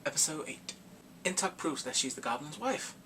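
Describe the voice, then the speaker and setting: A man casually recapping a drama for his vlog, animated and acting out the characters' reactions with gasps and laughs. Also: fairly high pitch, normal speed, slight background noise. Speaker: K-drama reviewer.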